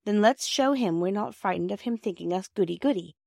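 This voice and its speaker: A woman reading a classic children's storybook aloud and voicing a sensible older girl who gently smooths over a quarrel. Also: mid-range voice, fairly quick, dry recording, clean studio sound, voice pushed up. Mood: conciliating. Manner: gentle, coaxing. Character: sensible eldest girl, peacemaker.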